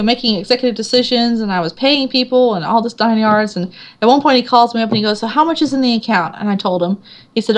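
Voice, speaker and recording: Female author guest, middle-pitched, chatty and animated, quotes people in bouncy voices. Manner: animated storyteller, acts out quotes, laughs often. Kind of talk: casual interview chat.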